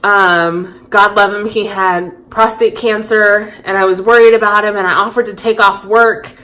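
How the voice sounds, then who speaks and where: A woman's voice: medium pitch, steady tone, normal speed, sharp tone. A woman in her thirties talking candidly and reflectively to camera in a personal vlog. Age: 30s. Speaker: vlogger.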